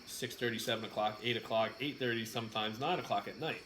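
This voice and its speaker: A man's voice: on the low side, steady tone, quick pace, a bit bright, a little hiss or hum, poor audio. A man in his thirties chatting casually to viewers on a home vlog in a plain, laid-back way. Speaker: vlog co-host. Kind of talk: casual chat.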